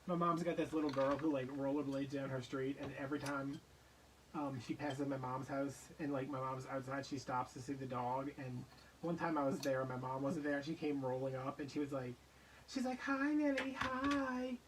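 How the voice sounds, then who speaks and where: A man's voice: mid-range voice, little pitch movement, brisk, recorded from a distance, a little hiss or hum, low-quality recording. A man chatting casually on a live stream, telling jokey, playful stories while he crafts.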